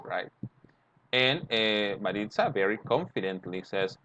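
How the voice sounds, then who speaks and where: A man's voice: medium pitch, lively intonation, moderate pace, a bit bright. A man teaching English grammar, explaining step by step and acting out short example dialogues. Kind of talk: grammar lesson. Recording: dull lo-fi sound, faint noise.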